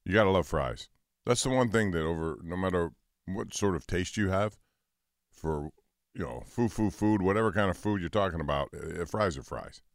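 A man co-hosting a talk show, laid-back and casual, trailing off softly. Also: low voice, normal speed, no room sound, studio quality. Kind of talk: casual chat.

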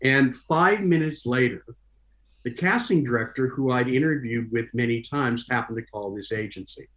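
A man telling stories from his career in a casual, animated way, acting out the voices of the people in his stories. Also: mid-range voice, normal speed, echoey room. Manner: animated, acts out quoted dialogue in different voices. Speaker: guest recalling his career. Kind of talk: casual storytelling.

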